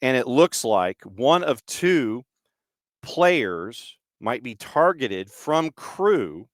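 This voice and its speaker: A man's voice: medium pitch, sing-song, drawn-out words, no room sound, clean studio sound. A man hosting a soccer talk show, giving casual, opinionated commentary and asking rhetorical questions. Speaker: soccer podcast host.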